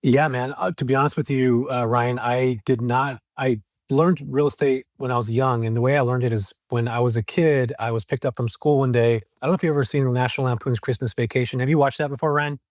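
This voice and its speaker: A middle-aged man from California telling his story as a podcast guest, animated and casual with slang. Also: medium pitch, brisk, hardly any pauses, no echo, clean studio sound. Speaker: guest, real estate investor.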